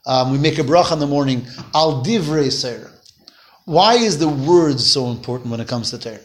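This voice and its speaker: A man's voice: on the high side, animated. Questioning male Torah teacher. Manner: explains slowly, asks students questions, repeats phrases. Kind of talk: classroom Torah lesson.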